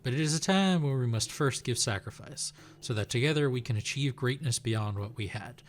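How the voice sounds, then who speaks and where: A man's voice: mid-range voice, expressive, fairly quick, faint music behind, lightly acted. A man voicing a preachy male military general with a put-on Southern US accent, reading game dialogue aloud. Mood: solemn. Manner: solemn, sermon-like speechifying.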